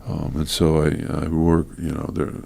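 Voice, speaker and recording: Deep gravelly man, earnest and halting. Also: monotone, mellow. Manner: earnest, halting with many fillers. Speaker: guest minister. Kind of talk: conversational interview.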